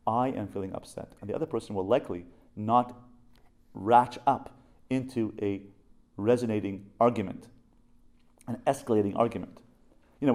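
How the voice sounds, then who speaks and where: Animated storytelling rabbi, man in his fifties. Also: fairly low pitch. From Canada. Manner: animated storyteller, slows to stress key phrases. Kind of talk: teaching a class.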